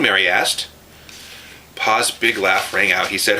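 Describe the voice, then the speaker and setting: A man reading a children's book aloud with lively expression, pausing to show the pictures. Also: deep voice, rough recording. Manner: expressive, showing pictures as he reads.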